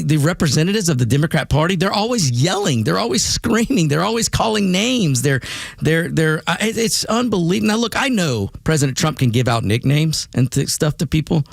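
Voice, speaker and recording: A man hosting a talk radio show in a studio, delivering an animated monologue full of stammered restarts and repeated words. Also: medium pitch, dry recording. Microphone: studio microphone.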